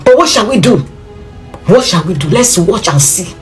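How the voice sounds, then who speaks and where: A woman's voice: medium pitch, expressive, moderate pace, faint music behind. A Nigerian woman speaking English mixed with Pidgin, reacting in an exclamatory, dramatic monologue and repeating her phrases. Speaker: commentator.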